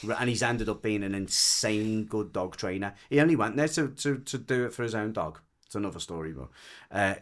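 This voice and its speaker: A dog trainer from the Wirral, England, guests on a podcast and tells a story in casual chat with a Merseyside accent. His fairly low voice moves fairly quickly, and he's rambling and frank, often restarting and swearing.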